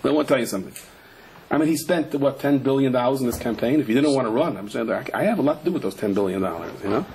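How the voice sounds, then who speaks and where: A man teaching a Torah class as a rabbi, telling stories and jokes and swinging up into loud, high-pitched emphasis. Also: expressive, rapid-fire, low-quality recording.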